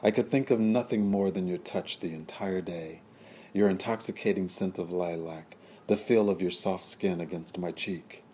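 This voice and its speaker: A man's voice: deep voice, normal speed, dark tone, a little hiss or hum, close to an everyday voice. A man voicing a wealthy, lovesick French sugar baron in an audiobook, pleading in flowery, romantic speech.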